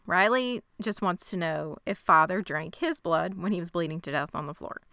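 Jokey woman podcast host, bright and really clear, dry close sound. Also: lowish voice, normal speed, no room sound. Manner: wry, jokey, questioning. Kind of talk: casual chat recapping a TV episode.

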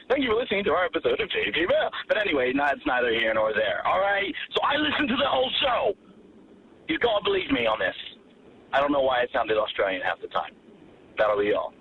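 A man leaving a goofy, exaggerated voicemail from his car. His voice is high and swoops around wildly. The phone line sounds dull, with faint noise behind him. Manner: goofy, exaggerated, mock-indignant. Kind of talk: rambling voicemail. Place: in a car in traffic.

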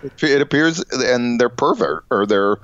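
A middle-aged man co-hosting a casual comedy podcast, rambling and halting with lots of fillers and chuckles. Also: medium pitch, animated, fairly bright tone, no room sound. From Illinois. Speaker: podcast co-host. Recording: dull, dry lo-fi podcast audio.

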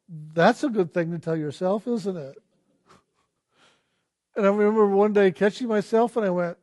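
Man, high voice, mellow tone, gentle questioning, spiritual teacher. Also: steady tone, normal speed, long pauses. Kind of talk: reflective spiritual talk.

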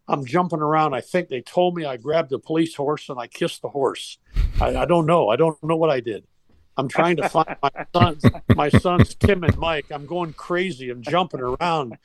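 A man's voice: a little high, dry recording. An older man and former baseball coach, telling a personal story in a heartfelt, rambling way with restarts.

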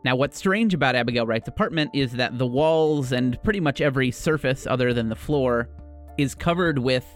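A man hosting a tabletop game podcast, recapping the scenario in an easygoing, clear way. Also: mid-range voice, moderate pace, faint music behind. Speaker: game master and host. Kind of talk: podcast hosting and scene narration.

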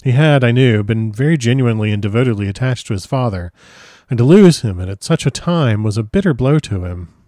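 A man reading a first-person literary story aloud in a measured, solemn manner. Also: mid-range voice, lively intonation, warm tone, dry recording, studio quality. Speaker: audiobook narrator.

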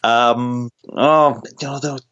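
A man's voice: medium pitch, steady tone, takes it slowly, a bit bright, smooth, dull audio. A horror author, a man, chatting as a guest in an interview, often restarting his sentences and laughing at himself. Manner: stammering restarts, self-deprecating laughs. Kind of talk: casual interview chat.

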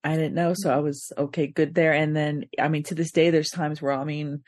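A woman's voice: deep voice, flat delivery, brisk, no room sound, studio quality. A woman on a fan podcast panel, chatting casually and playfully, laughing as she talks. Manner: playful, laughs while talking.

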